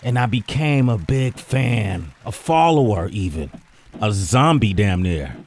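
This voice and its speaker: A man's voice: lowish voice, big pitch swings, a little slow, a little mellow. A man from Oakland, California, with a West Coast American accent, hosting a talk show in a playful, rambling way. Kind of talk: casual chat.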